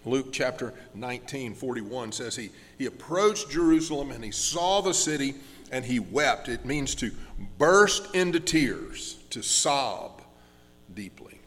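A man preaching a sermon as pastor, earnest and slowing down on key words, with frequent restarts. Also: medium pitch, expressive, fairly bright tone, long reverb tail. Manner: earnest, slows down for emphasis with many restarts.

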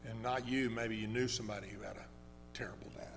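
A man's voice: lowish voice, fairly even intonation, creaky. Man preaching in a reverberant hall. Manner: conversational, halting storyteller with many restarts. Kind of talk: sermon storytelling. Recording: long hall reverb with faint hum.

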